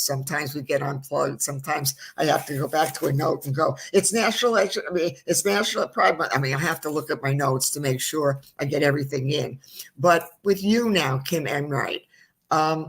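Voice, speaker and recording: Middle-aged female talk host, husky and gravelly, chatty rambler. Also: sits low. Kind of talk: casual chat. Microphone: streamed studio mic.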